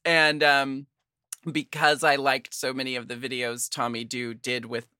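A man's voice: medium pitch, flat delivery, a little slow, bright, forceful tone, clear, resonant tone, dry recording, clean studio sound. A man hosting a podcast in casual chat, talking loosely with many fillers and frequent laughs. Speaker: podcast host.

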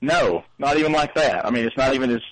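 Southern man caller, dry close sound, deadpan quips. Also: medium pitch, no echo, rough recording. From Alabama. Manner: dry, quick wisecracks. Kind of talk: casual chat.

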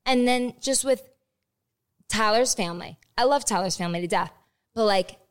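A woman's voice: medium pitch, moderate pace. A woman guest on a podcast, chatting candidly, laughing often and swearing freely. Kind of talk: casual chat.

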